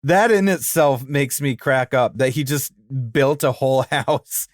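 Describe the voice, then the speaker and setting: A man co-hosting a cartoon podcast, animated and easily amused, laughing often as he retells scenes. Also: medium pitch, unhurried, no room sound, studio quality. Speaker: podcast co-host. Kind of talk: casual chat about cartoons.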